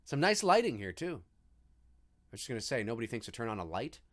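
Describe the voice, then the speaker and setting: A man hosting a live movie commentary, talking in an animated, enthusiastic and rambling way. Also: medium pitch, fast talker. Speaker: host.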